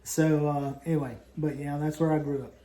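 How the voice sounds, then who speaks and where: Fifties man, folksy rambling vlog co-host, high-ish but mellow voice, echoey room. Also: little pitch movement, brisk. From southern West Virginia. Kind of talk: casual chat.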